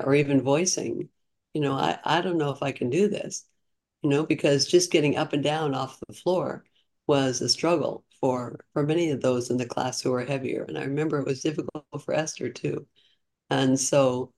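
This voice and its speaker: A woman's voice: rumbling low, fairly even intonation, moderate pace, a little mellow. A woman in her sixties, a podcast guest, telling her story in a chatty, earnest way with frequent restarts. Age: 60s. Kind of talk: casual storytelling interview.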